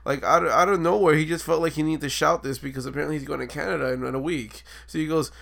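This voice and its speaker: A man's voice: a little high, steady tone, fast, vocal fry, hardly any pauses, fairly bright tone. A young man co-hosting a casual podcast, telling work stories with swearing and laughter. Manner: storytelling, profane, laughs often. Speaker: podcast co-host. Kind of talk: casual chat.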